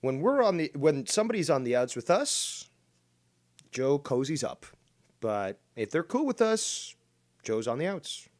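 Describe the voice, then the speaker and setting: A male livestream host comments sarcastically, and his pitch swings up and down a lot. The sound is dry and close, with no room around it. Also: sing-song, unhurried, darkish tone, no room sound. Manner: sarcastic, mocking. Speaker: show host.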